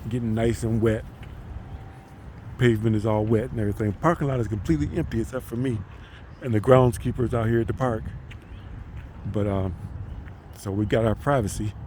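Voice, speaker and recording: A man's voice: mid-range voice, mellow, a little hiss or hum. A man vlogging outdoors in a park, talking casually and profanely, rambling with lots of "you know.". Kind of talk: casual walking vlog.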